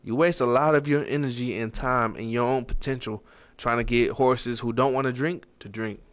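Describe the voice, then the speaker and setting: A man delivering a blunt, preachy motivational monologue, cursing freely and jumping to loud emphatic peaks. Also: mid-range voice, steady tone, normal speed.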